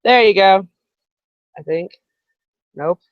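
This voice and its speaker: Slow and medium-pitched, a woman's voice carries a long, rambling story on her home live broadcast. She breaks away for side remarks often, and the stream audio is dull, dry, and echo-free.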